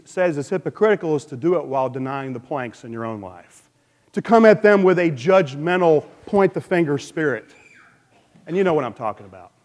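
Animated man preaching in an echoing hall. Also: a little high. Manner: animated, playful asides with sound effects. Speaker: pastor. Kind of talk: sermon.

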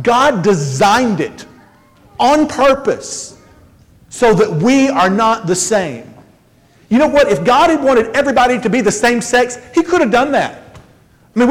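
A pastor with a very high-pitched voice preaches a conversational, joking sermon, tossing in quick asides, as long hall reverb rings through the church sanctuary.

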